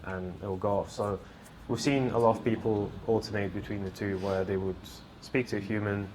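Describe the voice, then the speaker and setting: A man's voice: fairly low pitch, steady tone, fairly quick, darkish tone, a little hiss or hum, low-quality recording. A man on a panel telling a casual story from his company's experience. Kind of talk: panel discussion. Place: meetup event room.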